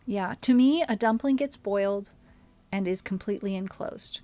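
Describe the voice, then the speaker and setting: A woman streamer giving casual commentary while she plays a game, thinking aloud and often dropping to a soft mutter. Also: medium pitch, normal speed, dry recording.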